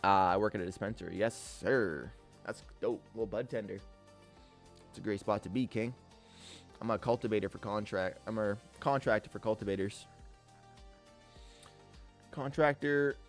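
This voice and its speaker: A man's voice: fairly low pitch, moderate pace, long pauses, soft background music. A man live-streaming his day trades, talking through the charts in a laid-back, upbeat way and greeting chatters as king and brother. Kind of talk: live trading commentary with chat shout-outs.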